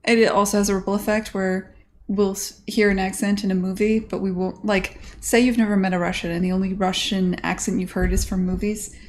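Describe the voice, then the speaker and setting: Medium-pitched and flat in delivery, this American game dev streamer talks fairly quickly with a darkish tone and slight background noise. Her casual chat rambles along, full of "like" and false starts.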